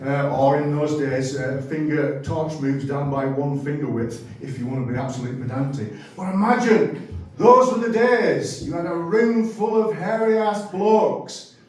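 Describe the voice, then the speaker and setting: Animated stand-up comedian. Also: male voice, fairly high pitch, moderate pace. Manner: rambling, animated storytelling with self-corrections. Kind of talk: stand-up set. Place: comedy club stage. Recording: very echoey room, mic at a distance.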